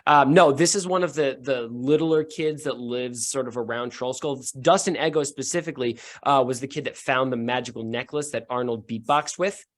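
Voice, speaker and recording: A man's voice: mid-range voice, moderate pace, hardly any pauses. A man narrating a tabletop game as game master, loosely improvised.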